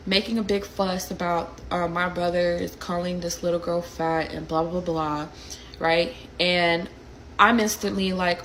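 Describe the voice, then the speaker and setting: A young woman, telling a story in a casual, animated, slangy way. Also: lowish voice, slight background noise, low-quality recording.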